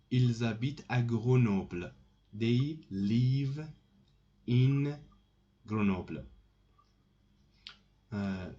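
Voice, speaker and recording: Slow, mellow-voiced man teaching French. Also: on the low side. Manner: slow and repetitive, restarting phrases often. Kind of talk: slow explanatory lesson. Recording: dull lo-fi recording with keyboard typing.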